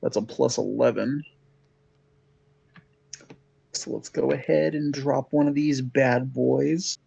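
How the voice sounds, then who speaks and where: A gravelly-voiced man plays at a tabletop game, cracking crude jokes at the table. His audio comes through muffled and lo-fi. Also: mid-range voice, steady tone, slow, mellow, no room sound. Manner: crude joking, calls others son. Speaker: player. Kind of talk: casual tabletop game chat.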